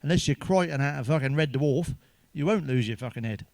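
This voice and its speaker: A man's voice: mid-range voice, animated, brisk, creaky, a little mellow, no echo. A man telling crude jokes in a sweary monologue, chuckling at his own punchlines. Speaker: stand-up comedian.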